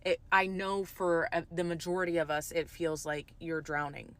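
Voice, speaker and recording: A woman's voice: lowish voice, steady tone, moderate pace. An American woman speaking emphatically with frustration, swearing and apologizing for it. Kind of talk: frustrated monologue clip.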